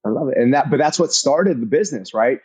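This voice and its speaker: A man talking as a guest in a casual interview, energetic and emphatic, swearing casually and repeating phrases for punch. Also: mid-range voice, fast talker, husky, no echo, poor audio. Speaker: podcast guest, fitness entrepreneur.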